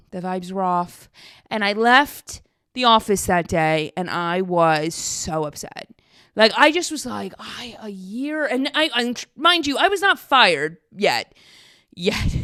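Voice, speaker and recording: A woman's voice: medium pitch, lively intonation, measured pace, a bit bright. A woman in her thirties hosting a podcast, telling a personal story in a casual, chatty way and acting out her own past lines. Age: 30s. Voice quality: chatty, many "like" fillers, quotes herself. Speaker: podcast host.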